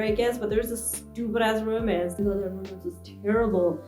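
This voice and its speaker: A woman's voice: medium pitch, brisk, few pauses. Exasperated young woman ranting about books. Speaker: book vlogger. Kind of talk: casual book review vlog. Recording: echoey room with soft music behind.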